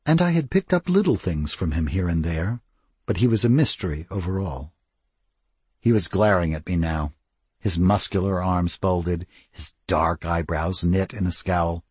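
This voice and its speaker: A man narrating an audiobook in the first person, with expressive, wry storytelling. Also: sits low, normal speed, husky, dry recording.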